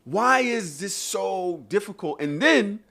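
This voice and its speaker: Animated, exasperated man on a podcast. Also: sits high, slow pace, gravelly. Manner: animated, exasperated, swears and rants. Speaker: podcast co-host. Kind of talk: casual chat.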